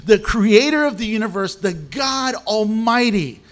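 A man delivers a sermon in a notably high voice. He tells stories in an animated way and acts out the voices of the people he quotes. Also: unhurried. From Mexican. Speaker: pastor.

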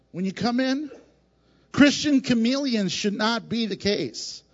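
A man preaching a lively sermon in church, emphatic and repetitive, questioning the congregation and acting out scenes. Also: extremely high pitch, muffled recording. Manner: emphatic and repetitive, asks the congregation questions, laughs at his own jokes. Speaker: pastor. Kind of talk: animated sermon with acted-out scenes.

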